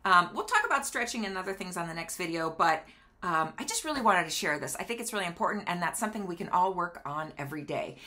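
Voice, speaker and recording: A middle-aged woman with a bright voice hosts a casual health vlog from her kitchen. She talks in a chatty, instructive way and counts aloud while she demonstrates balance exercises, sounding slightly out of breath. She is recorded on a camera a few steps away. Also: lowish voice, sing-song, fast talker, slight background noise. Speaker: doctor and video host. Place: home kitchen near a counter.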